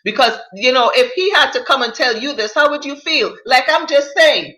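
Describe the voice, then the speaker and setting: A woman's voice: sits high, animated, normal speed, pushed and bright, roomy sound, poor audio. A woman hosting a live talk show, reading viewer comments and giving blunt, emphatic opinions in casual slang.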